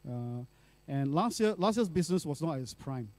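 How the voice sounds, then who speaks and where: Middle-aged preacher guy, chatty, loads of fillers, bit high voice. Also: animated, normal speed, darkish tone, dry recording. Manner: chatty, many fillers and tag questions. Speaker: pastor. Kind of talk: sermon with personal story.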